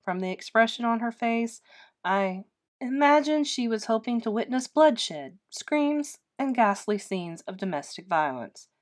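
A woman narrating a children's ghost story aloud in an expressive, gently paced read-aloud style. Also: fairly high pitch, measured pace.

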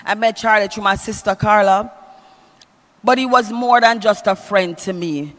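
A woman's voice: mid-range voice, moderate pace, fairly bright tone. A woman preaching a funeral eulogy in a church, reading scripture in a sing-song preaching cadence and calling out to the congregation. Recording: long church reverb with music.

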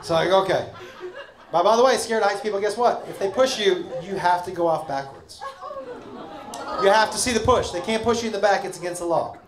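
Animated American comedian on a roomy stage. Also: male voice, high-pitched, fairly quick, a crowd in the background. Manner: animated storyteller, acting out quotes with shouts and shrieks. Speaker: stand-up comedian. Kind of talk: stand-up storytelling. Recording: roomy club sound with audience.

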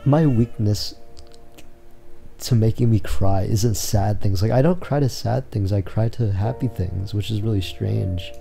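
A man plays through a game and talks softly and emotionally, reading titles aloud as he goes. His voice is dark and gravelly, and he speaks slowly. Faint music plays behind him. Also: lowish voice. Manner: soft-spoken, emotional, reads titles aloud. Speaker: gamer playing through a game. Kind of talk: casual let's-play commentary.

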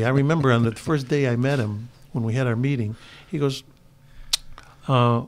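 Fast and medium-pitched with vocal fry, an older Chicago actor shares meandering anecdotes as an interview guest. The storytelling is relaxed, and he keeps restarting his sentences.

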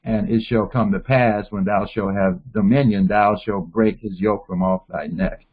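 A man reading Bible verses aloud and pausing to explain them in his own words. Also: lowish voice, fairly even intonation, husky. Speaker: Bible teacher. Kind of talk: scripture reading with commentary. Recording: tinny phone-like sound.

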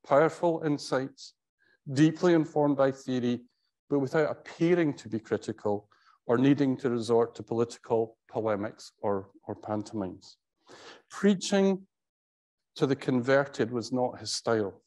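Halting, wry male academic speaker. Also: medium pitch, darkish tone. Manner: conversational, halting with frequent restarts; wry storytelling. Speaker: professor giving a tribute talk. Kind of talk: anecdotal tribute speech.

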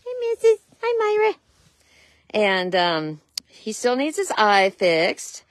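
Outdoors at a farm with horses, a woman from a horse rescue walks through the barnyard in a casual vlog, explaining each animal's care. She coos to them in a high sing-song, and there's no room sound.

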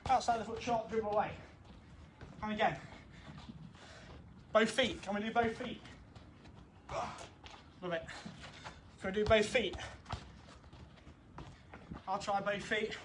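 A high-voiced young man runs a football session outdoors in a garden. He sounds winded, keeps up steady encouragement and counts each drill down. The camera mic picks up a faint hum of the outdoors. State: out of breath. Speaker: football coach.

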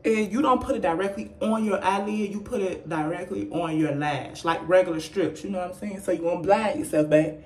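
A woman's voice: on the low side, a little fast, few pauses. Chatty woman vlogger in an echoey room. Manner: chatty, addresses viewers as y'all, laughs often. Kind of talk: casual makeup tutorial. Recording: echoey room, faint noise.

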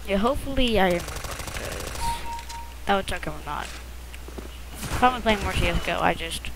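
Speaking at normal speed with an animated, medium-pitched voice, a newcomer to gaming narrates their own shooter match casually and self-consciously, rambling and muttering to themselves. Music plays underneath and the audio quality is poor. The home setup uses a close mic that the lips bump against.

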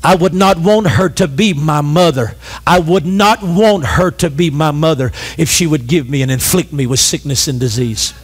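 High-voiced preacher shouting to his church. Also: normal speed, few pauses, slightly rough. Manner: impassioned preaching with call-and-response; rising to shouts on repeated phrases. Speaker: pastor. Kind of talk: sermon.

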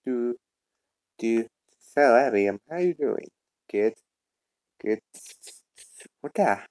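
A young man dubbing a fan comic and reading every part himself, with stumbling, halting lines and many restarts. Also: medium pitch, animated, darkish tone, no echo. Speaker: voice actor doing all the parts.

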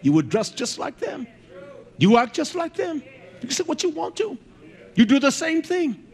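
A male preacher with a very high voice that swoops up and down, delivering a blunt, fiery sermon. He often shouts his points, swears freely and fills gaps with "uh" and repeated words. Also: very animated, moderate pace.

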